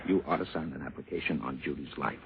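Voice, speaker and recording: A man's voice: a bass voice, vocal fry, slightly rough, exaggerated voice. An actor playing a pushy, wheedling insurance salesman in 1940s radio drama style, in a dull vintage radio recording. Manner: fast-talking, wheedling, stammering. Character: pushy fast-talking male insurance salesman.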